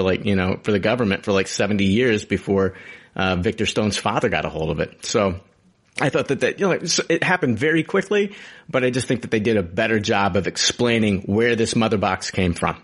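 A man in casual podcast chat, animated and joking, with plenty of swearing. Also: on the low side. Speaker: podcast roundtable guest.

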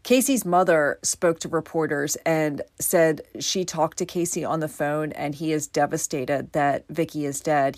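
Low-pitched woman narrating true crime, chatty asides, dry close mic. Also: dry recording. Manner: conversational storytelling with asides. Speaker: podcast host.

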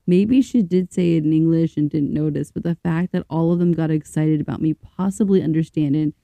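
Low, mellow-voiced woman co-host. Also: fairly quick, vocal fry, dry recording. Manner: chatty, thinks aloud with fillers and restarts. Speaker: podcast co-host. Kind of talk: casual podcast chat, reading stories aloud.

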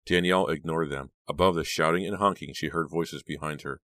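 In a close-miked, dry recording with barely any room echo, an extremely deep-voiced man reads a horror audiobook briskly, keeping his delivery steady and dramatic.

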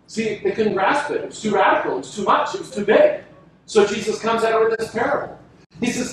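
High-voiced preacher in an echoey hall. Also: male voice. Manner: emphatic, dramatic pauses, acts out quoted lines. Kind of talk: sermon. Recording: echoey room from a distance with faint noise.

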